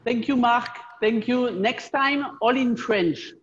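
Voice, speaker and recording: Playful woman host over dull audio. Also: fairly high pitch. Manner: brisk, playful, laughing. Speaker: event host. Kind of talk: hosting a video call.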